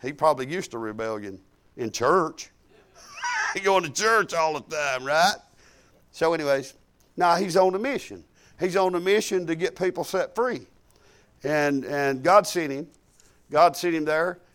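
A man's voice: fairly high pitch, unhurried, pauses often, fairly bright tone. A man preaching a storytelling sermon in a folksy, conversational way, chuckling now and then.

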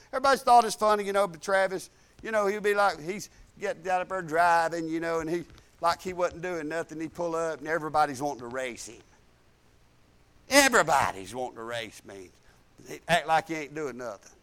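A man preaching a folksy sermon, telling personal stories and rising to loud, emphatic points. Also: fairly high pitch, lively intonation, a little fast. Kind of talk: informal preaching with storytelling.

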